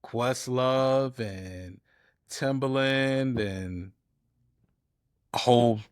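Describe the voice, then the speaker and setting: A man's voice: medium pitch, very slow, clear, resonant tone, no room sound, studio quality. A man telling stories in a casual interview, a DJ guest acting out quoted conversations as he goes. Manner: animated storyteller acting out quoted dialogue. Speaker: guest, DJ and editor.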